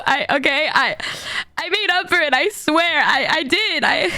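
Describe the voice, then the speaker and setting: A woman streamer with a hoarse voice, telling a story in animated casual chat, laughing and swearing freely. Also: sits high, measured pace, no echo. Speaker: VTuber streamer.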